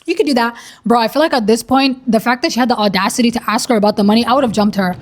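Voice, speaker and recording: Animated young woman telling a story. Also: on the high side, rapid-fire. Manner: animated, slangy, swears, breaks into laughter. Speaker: commentary creator. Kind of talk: casual storytime commentary.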